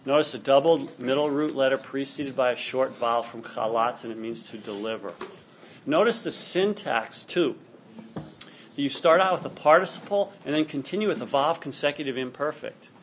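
Teaching Hebrew grammar, a man speaks at a moderate pace in a mid-range voice with a fairly bright tone. He explains patiently and keeps checking on his students with frequent "all right?" questions. The recording carries slight background noise.

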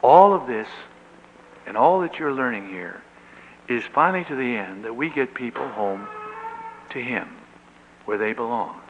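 An older man, a pastor, telling an earnest and animated story in a sermon, with emotional peaks. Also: mid-range voice, measured pace, long pauses, a little hiss or hum. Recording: echoey hall on dull lo-fi tape.

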